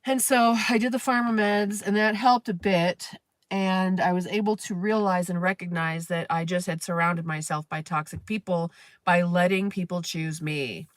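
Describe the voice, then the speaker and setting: A woman's voice: lowish voice, fairly even intonation, moderate pace, no room sound. A woman hosting a live stream, venting in a candid, rambling, profane way. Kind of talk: casual venting monologue.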